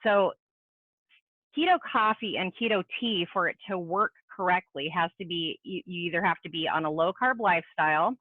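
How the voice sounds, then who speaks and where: A woman giving a brisk, practical product explanation as a guest expert on a video call. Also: on the low side, no room sound. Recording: tinny dry phone-like call audio.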